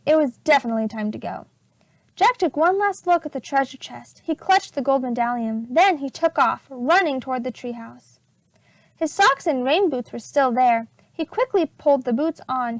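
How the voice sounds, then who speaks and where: A woman teacher reading a chapter book aloud to preschool children, slow and expressive. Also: high voice, no room sound.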